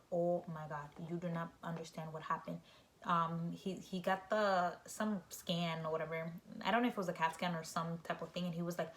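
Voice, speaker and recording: A young woman vlogger telling a casual story, animated and full of "like", breaking into high, shrieking quoted voices.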